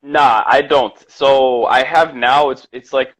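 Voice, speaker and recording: A man's voice: medium pitch, fairly even intonation, takes it slowly, a bit bright, low-quality recording. Chatty man with a mild New York accent. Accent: general American with traces of New York. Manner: loose and chatty, full of fillers and restarts. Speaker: guest English teacher. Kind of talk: casual live-stream chat.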